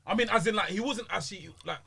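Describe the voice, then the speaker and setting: A young man, co-hosting a casual wrestling chat, excitable and slangy, laughing often. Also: high-pitched, quick pace, gravelly, husky. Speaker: podcast co-host.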